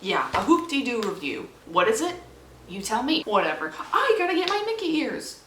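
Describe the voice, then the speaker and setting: A woman's voice: on the high side, huge pitch swings, moderate pace, fairly bright tone. A young woman from Virginia chatting casually to her phone camera in a rambling, self-mocking way. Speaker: vlogger. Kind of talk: casual vlog chat. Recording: echoey room with background noise.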